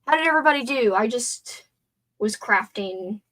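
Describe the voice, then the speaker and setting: A young woman hosts a casual livestream, talking to herself while she crafts and now and then swearing under her breath. Her voice is a little high and a bit bright, animated, at a moderate pace.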